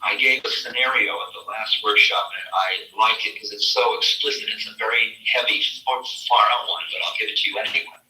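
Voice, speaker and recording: A man giving a spiritual talk at a workshop, telling his story in a lively way and acting out the voices in it. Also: fairly low pitch, brisk, few pauses, echoey room, distant mic, rough recording. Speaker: spiritual teacher.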